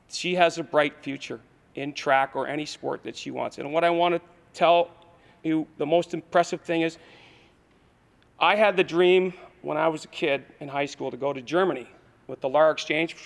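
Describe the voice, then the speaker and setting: A man's voice: fairly high pitch, vocal fry. A man coaching at a school awards ceremony, giving a rambling speech full of fillers and restarts. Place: school gym or auditorium. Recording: echoey hall.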